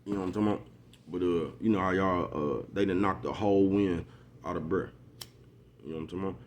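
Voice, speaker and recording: A man's voice: low voice, fast, a little hiss or hum. A man vlogging a casual motivational monologue, rambling and repetitive in street slang. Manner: rambling, repetitive, street slang, keeps asking "you know what I'm talking about".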